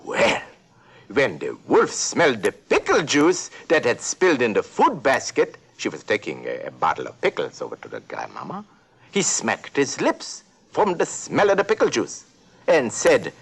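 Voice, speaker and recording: A heavily acted mid-range male voice with a breathy edge and huge pitch swings moves at a moderate pace. The actor portrays an eccentric old duck professor narrating a storybook for a talking toy, playful, giggly, rambling and self-correcting.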